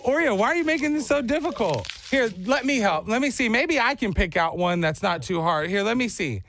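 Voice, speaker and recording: A man's voice: very high voice, expressive, fairly quick, fairly bright tone, no room sound. A male radio host running a call-in game on a morning show, joking and teasing his co-host. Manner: playful, laughing, teasing.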